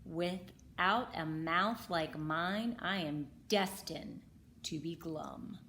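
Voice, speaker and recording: A woman's voice: lowish voice, lively intonation, drawn-out words, pushed and bright, a little hiss or hum, heavily acted. A woman voicing a glum, resigned pout-pout fish. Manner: mopey, resigned.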